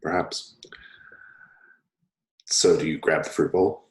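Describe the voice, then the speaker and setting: A man narrating as game master of a tabletop game, relaxed and quick to laugh. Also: rumbling low. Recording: roomy echo.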